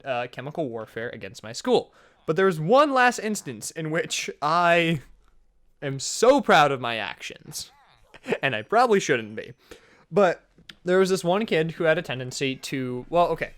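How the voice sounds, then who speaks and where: Young adult male storyteller, slightly high voice, rambling and animated, lots of fillers. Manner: chatty, filler-heavy, jumps high for exclamations. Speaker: storytelling vlogger. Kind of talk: casual storytime chat.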